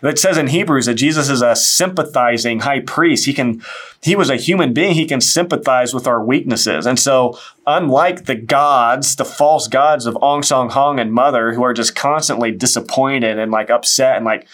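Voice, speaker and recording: A man's voice: mid-range voice, moderate pace, a bit bright. A man hosting a faith-based interview in a loose, repetitive way, often acting out quoted voices. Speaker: host.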